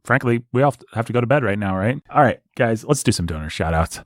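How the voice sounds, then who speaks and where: A man's voice: mid-range voice, expressive, quick pace, no room sound, studio quality. A man hosting a casual podcast chat in a playful, teasing way. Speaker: podcast host.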